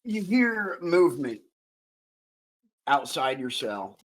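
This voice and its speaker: A man narrating as game master of a tabletop game, descriptive and unhurried, with frequent fillers. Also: fairly high pitch, big pitch swings, poor audio.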